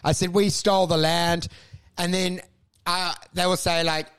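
A man's voice: sits high, a little slow, clear, resonant tone. A middle-aged man, a comedian co-hosting a podcast, chatting casually and animatedly, often laughing. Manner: animated, laughing, mimics others in quotes.

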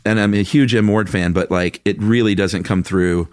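A man's voice: on the low side, fairly even intonation, normal speed, clean tone, no room sound, studio quality. A man co-hosting a casual podcast, reading out listener comments and giving frank, laid-back opinions with a chuckle. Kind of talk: casual chat.

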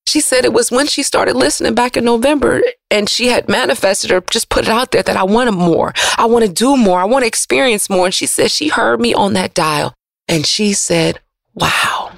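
A woman radio host, giving an emotional, preachy motivational monologue that swings from loud to soft. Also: a little high, moderate pace, creaky, no echo, clean studio sound.

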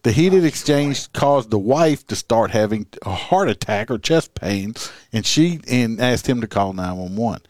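Man, mid-pitched, sardonic podcast reader who swears freely, dry close recording. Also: expressive, measured pace, a little mellow, no room sound. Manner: sarcastic, profane running commentary. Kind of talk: casual chat reading a news story aloud.

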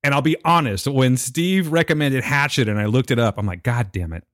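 A man's voice: medium pitch, animated, fairly quick, fairly bright tone, no echo, studio quality. A middle-aged man co-hosting a podcast, chatting animatedly and often checking that he is understood. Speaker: podcast co-host. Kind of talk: casual chat.

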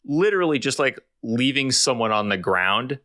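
A man co-hosting a podcast, explaining things in long, dry, deadpan rambles. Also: mid-range voice, moderate pace, dry recording. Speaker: podcast co-host. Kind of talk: casual comedic chat.

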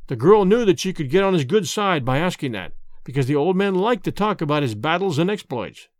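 A man narrating a dark storybook tale in a measured, dramatic manner. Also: a little high, very animated, no room sound, clean studio sound. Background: faint music.

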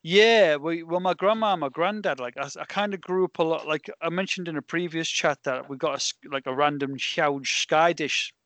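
A British man hosts a podcast in a slightly high, animated voice. He rambles through stories, full of fillers and restarts. The sound is dry and close. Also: moderate pace, few pauses, dry recording. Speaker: podcast host. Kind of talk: casual chat.

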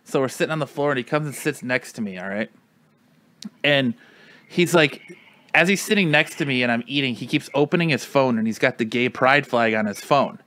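A man's voice: mid-range voice, fairly quick, pushed and bright. A man in casual chat with friends, telling a long story in a rambling way, full of "like" and acted-out quotes.

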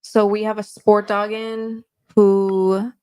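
A woman's voice: mid-range voice, little pitch movement, slow pace, dark tone, clear, resonant tone. A woman co-hosting a live dog-training Q&A, reading viewer questions and chatting with the host, often laughing and teasing him. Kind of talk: casual live Q&A.

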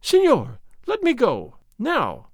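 A man's voice: sits high, sing-song, normal speed, no room sound, clean studio sound. A man reading a storybook, voicing a proud, fiery young noblewoman with haughty indignation. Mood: pleading.

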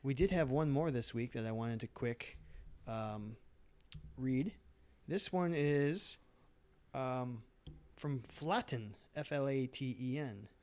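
A man's voice: medium pitch, lively intonation, slow, darkish tone. A man with a Minnesota accent co-hosting a podcast, reading listener reviews in an easygoing, self-deprecating way. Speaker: podcast co-host.

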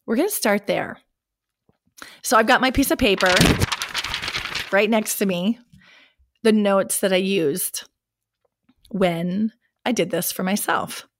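A middle-aged woman hosting a solo podcast, her voice scratchy from a cold, talking animatedly, laughing and clearing her throat. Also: mid-range voice, slow, pauses often. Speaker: podcast host. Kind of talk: casual solo podcast talk.

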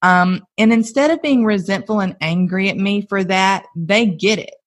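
A woman, a mother and guest, telling stories in an animated, casual way and laughing often as she talks. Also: mid-range voice, normal speed. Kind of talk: casual conversational storytelling.

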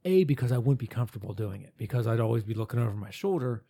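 A man with a dark, mellow tone and a husky edge, talking bluntly and swearing freely. It is an easygoing podcast chat among co-hosts. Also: medium pitch, expressive, racing. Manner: blunt and profane. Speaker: podcast co-host. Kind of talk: casual chat.

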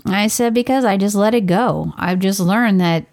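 A woman co-hosting a podcast, calmly recounting conversations with her son in casual chat. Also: mid-range voice, moderate pace. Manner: calm, explanatory, quotes conversations. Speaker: podcast co-host, mother.

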